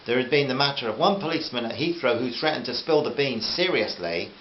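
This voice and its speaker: A man narrating his own novel aloud in a steady, conversational reading voice. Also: mid-range voice, fast. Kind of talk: audiobook narration. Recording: roomy, dull, hissy home recording.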